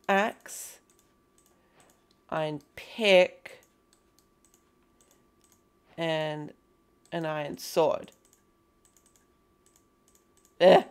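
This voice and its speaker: A young woman chatting excitedly through a gameplay session, calling out playful greetings to characters in the game. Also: on the low side, smooth. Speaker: gaming video host. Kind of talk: casual gameplay commentary.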